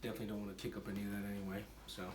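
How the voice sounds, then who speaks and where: A man's voice: lowish voice, monotone, very fast, recorded from a distance. Man, casual beer-tasting vlog, rambling with fillers, noisy background. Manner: rambling, self-deprecating, many fillers. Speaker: homebrewer reviewing his beer. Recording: roomy and noisy, from off the mic.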